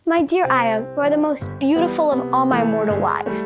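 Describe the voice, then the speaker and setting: A woman playing the sneaky king of the gods in a student class play, smooth-talking but flustered and full of excuses. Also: high-pitched, expressive, normal speed, dull audio, loud music behind the voice.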